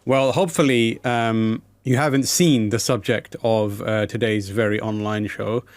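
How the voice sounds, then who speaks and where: A man's voice: on the low side, fairly even intonation, measured pace, no room sound, clean studio sound. A man hosting a casual online chat show, talking loosely with lots of fillers and a playful tone. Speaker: podcast host.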